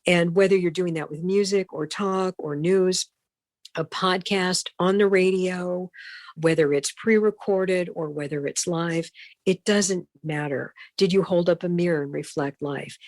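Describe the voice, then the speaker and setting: A middle-aged broadcast consultant, appearing as a podcast guest, tells lively stories from her career and performs the voices of the people she quotes. Her voice sits on the low side, her pace is unhurried, and the recording has no echo.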